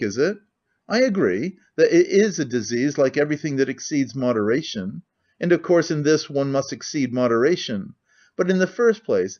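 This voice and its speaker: A man's voice: fairly high pitch, a little mellow, lightly acted. A man voicing a cynical, talkative middle-aged nobleman who rambles with languid candor, on a muffled lo-fi recording.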